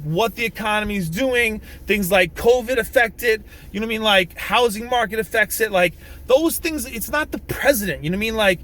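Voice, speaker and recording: A male vlogger rants about politics to the camera while in a vehicle, rambling and restarting, swearing and punctuating with emphatic bursts. His voice is very high-pitched with a sharp edge.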